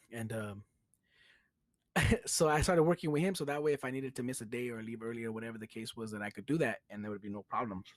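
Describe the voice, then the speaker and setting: A man's voice: medium pitch, no room sound. A young man with a Chicano English accent, hosting his own podcast and telling a story in a casual, profane way, laughing often. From United States. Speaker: podcast host.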